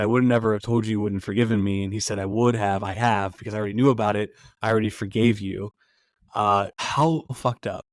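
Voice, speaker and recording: Podcast host guy, lowish voice, retelling a movie scene, drops quiet for the quotes, dry close mic. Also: dry recording. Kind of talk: casual film recap chat.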